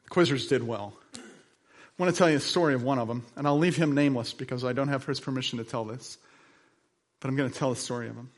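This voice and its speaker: A male pastor preaches a sermon with dynamic delivery, shifting from quiet, slow passages to loud, emphatic ones. He tells stories conversationally, dropping in chatty asides along the way.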